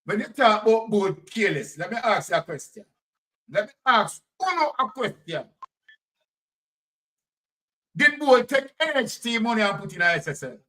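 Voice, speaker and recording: A man's voice: high-pitched, expressive, a little fast, bright, forceful tone, recorded from a distance, low-quality recording. A man with a Jamaican accent hosting heated political commentary, firing off rhetorical questions in patois. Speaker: host.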